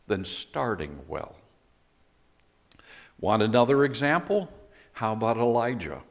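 A middle-aged male pastor delivers a sermon at an unhurried, deliberate pace. His voice rings out in a church hall with a long reverb tail, and he turns suddenly loud when quoting. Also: mid-range voice. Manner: slow, emphatic preaching with sudden loud quoted outbursts.

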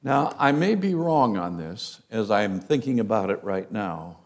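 Male preacher, lively pitch, slow deliberate sermon delivery with dramatic swings in loudness. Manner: dramatic, acts out quoted voices, swings from loud to hushed.

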